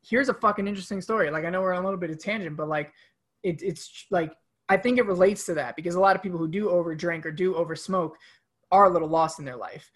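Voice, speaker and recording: Animated, cursing man co-hosting a podcast. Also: high voice, quick pace. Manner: animated, swears freely. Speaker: podcast co-host. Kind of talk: casual podcast chat.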